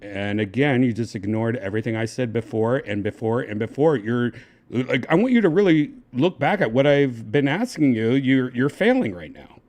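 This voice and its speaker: A man hosting a casual livestream who talks in a pushy, halting way and keeps restarting his sentences. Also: mid-range voice, lively intonation, a little mellow. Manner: pushy, halting, repeats himself. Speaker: livestream host.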